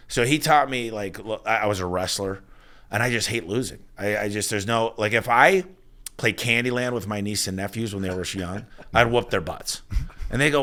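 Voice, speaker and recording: A man in his forties, a business owner telling stories as an interview guest in an energetic, emphatic way. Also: lowish voice, fairly quick. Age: 40s. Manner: energetic, emphatic storyteller with frequent restarts. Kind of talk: casual interview talk.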